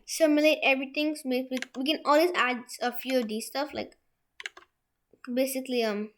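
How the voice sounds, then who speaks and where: High-voiced young woman rambling through a tutorial. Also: fairly even intonation, brisk, a bit bright, a little hiss or hum. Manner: rambling, many restarts and fillers. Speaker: tutorial host. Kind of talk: screen-share software tutorial. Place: room at home with a printer.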